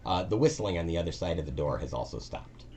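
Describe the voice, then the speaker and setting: A man narrating as game master in a relaxed, filler-heavy way. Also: low-pitched, fast, a little hiss or hum.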